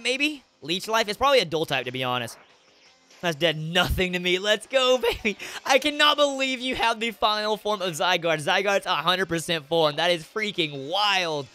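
A young man commentating his own game playthrough, excitable and emotional, swinging into loud frustrated outbursts. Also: high-pitched. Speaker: gaming YouTuber. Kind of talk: Let's Play commentary. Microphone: webcam setup with headset or desk mic.

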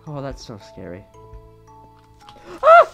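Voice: mid-range voice, wildly swooping pitch, slow, gravelly, sharp tone, soft background music. Jumpy, swearing gameplay commentator. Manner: jumpy, swears a lot, yelps at scares.

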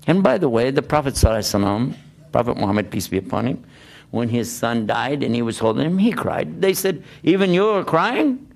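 A man's voice: medium pitch, expressive, fast talker, gravelly, darkish tone. An older man preaching a sermon, telling stories and putting questions to the audience. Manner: storytelling, asks the audience questions. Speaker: Islamic preacher.

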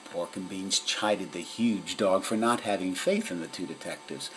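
A man narrating a children's story in an expressive storytelling manner. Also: low voice, moderate pace, poor audio. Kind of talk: storybook reading.

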